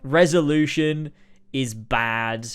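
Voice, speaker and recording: A man's voice: medium pitch, slow, clean tone. A man giving casual, exasperated ranking commentary, swearing and sighing often. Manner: exasperated, frequent swearing and sighs. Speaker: video creator ranking episodes.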